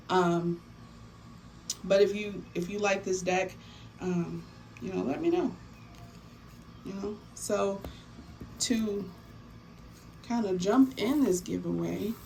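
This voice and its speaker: Woman chatting to the camera about giving away tarot decks, swears a lot, really animated, some faint background noise. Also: medium pitch, creaky, low-quality recording. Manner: animated, swears freely, emphatic repetition. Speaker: tarot vlogger hosting a giveaway. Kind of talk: casual chat to camera.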